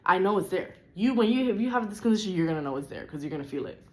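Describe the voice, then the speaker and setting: A woman's voice: medium pitch, expressive, rapid-fire. A young woman vlogging a frustrated personal rant, upset and close to tears, with lots of "like" in her talk. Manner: frustrated, venting, heavy use of "like".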